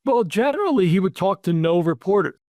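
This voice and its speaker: A man hosting an interview, telling lively anecdotes about his PR career and acting out the quotes. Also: high-pitched, fairly quick. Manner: animated anecdotes, acts out quotes. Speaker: podcast host, PR executive. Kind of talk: casual storytelling interview.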